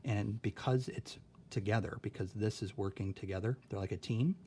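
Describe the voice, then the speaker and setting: Patient male teacher, slightly low voice. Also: moderate pace, dark tone, slight background noise. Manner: patient, careful, checks in with "okay?". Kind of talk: recorded spelling lesson.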